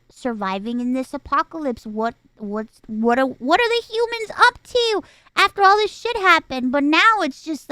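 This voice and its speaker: A woman streamer chatting casually about a film she watched, animated and swearing freely, with mocking exaggerated asides. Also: high-pitched, clear, resonant tone, dry recording, studio quality. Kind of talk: casual livestream chat.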